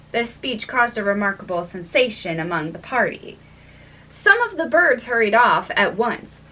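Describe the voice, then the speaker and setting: A woman slowly reading a children's classic aloud as narrator, recorded from a distance with faint music behind. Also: mid-range voice, big pitch swings, bright, forceful tone. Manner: slow, deliberate reading. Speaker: audiobook reader. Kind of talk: storybook narration.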